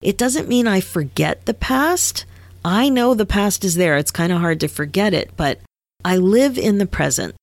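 A woman's voice: medium pitch, lively intonation, moderate pace, no room sound. A woman in her fifties, a podcast host and midlife coach, telling her own story in a candid, conversational way with frequent laughs. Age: 50s. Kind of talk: personal storytelling monologue.

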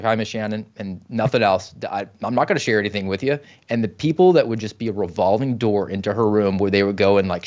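A man's voice: fairly low pitch, muffled recording. A man talking as a podcast guest, telling stories in a wry, skeptical way. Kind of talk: casual podcast talk.

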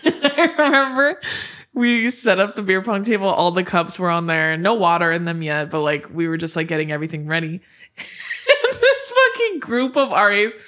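A woman's voice: mid-range voice, sing-song, normal speed, a bit bright. A young woman co-hosting a podcast, chatting casually and bluntly, with sarcastic swearing. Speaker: podcast co-host. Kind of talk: casual chat, storytelling.

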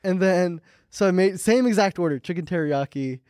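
High-voiced young man telling a story. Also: normal speed, no room sound, clean studio sound. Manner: animated storyteller, swears freely, acts out quoted people. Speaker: podcast co-host. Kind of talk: casual comedic chat.

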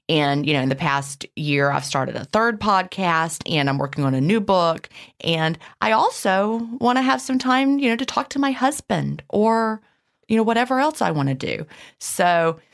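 A woman co-hosting a podcast, talking casually and emotionally, with laughs and restarts. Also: on the low side. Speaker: podcast co-host.

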